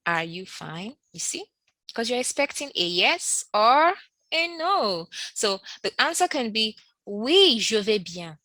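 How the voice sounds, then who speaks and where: A woman's voice: expressive, bright, forceful tone, no room sound, poor audio. A woman teaching a language lesson, repeating every example phrase and lifting her voice on sample questions. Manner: slow, repeats each French phrase, rises high on example questions. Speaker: French teacher.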